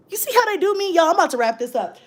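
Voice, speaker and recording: A middle-aged woman with a high voice and a very lively, swooping delivery, chatting casually on a live stream as a mom vlogger. She talks in a chatty, animated way and breaks off now and then to call out to her kids.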